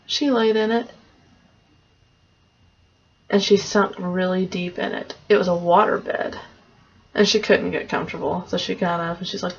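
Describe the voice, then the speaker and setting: A woman's voice: mid-range voice, measured pace, pauses often, husky. A woman casually retelling a fairy tale in a loose, conversational way, on a dull lo-fi recording. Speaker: storyteller.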